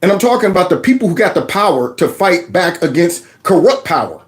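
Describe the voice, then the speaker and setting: Guy doing fired-up political commentary, voice jumps all over the place. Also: brisk. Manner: animated, mocking impressions, lively pitch swings. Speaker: commentary show host.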